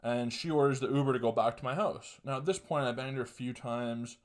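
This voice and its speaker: A man's voice: mid-range voice, fairly quick. A man in his twenties telling a crude, rambling story as a podcast host, swearing freely and laughing often.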